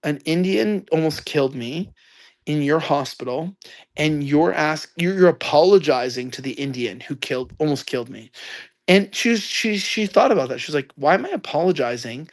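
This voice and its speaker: Loud guy in his 20s, ranting story, slightly high voice. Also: animated, normal speed. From United States. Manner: loud, ranting, acts out quotes. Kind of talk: animated storytelling.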